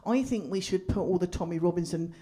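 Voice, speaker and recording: A woman's voice: on the low side, quick pace, dark tone. A woman performing a stand-up comedy set at a live venue, chatty and teasing the crowd with rhetorical asides.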